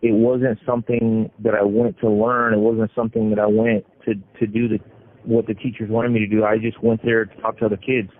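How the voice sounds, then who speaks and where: A middle-aged man speaks in a low, flat voice, stopping and restarting his sentences as he tells his story. The sound comes through a tinny prison phone line with a faint hiss. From California. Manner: halting, with frequent restarts and repeated words. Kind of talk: personal story over a phone call. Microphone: prison telephone.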